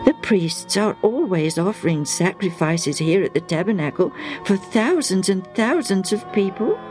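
A woman narrating a Bible story in a slow, hushed, dramatic storytelling manner. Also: on the low side.

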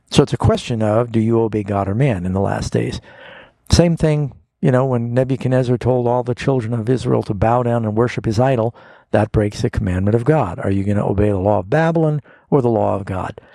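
A middle-aged man, a pastor hosting a radio Bible call-in show, earnestly explaining scripture and slowing down to read verses aloud. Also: mid-range voice, creaky, dark tone, no room sound.

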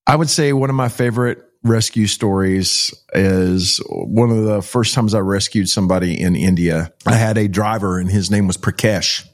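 A man's voice: fairly low pitch, moderate pace, few pauses. A middle-aged man from Texas, telling stories in an interview and acting out the dialogue. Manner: animated storyteller, acts out quoted dialogue. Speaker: child rescue organization founder. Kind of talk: storytelling in an interview.

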